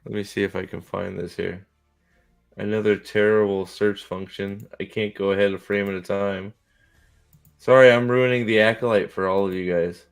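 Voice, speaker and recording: A man's voice: on the low side, steady tone, normal speed, gravelly, clean tone, soft background music. A man hosting casual reaction commentary on video clips, rambling and joking crudely. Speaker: host.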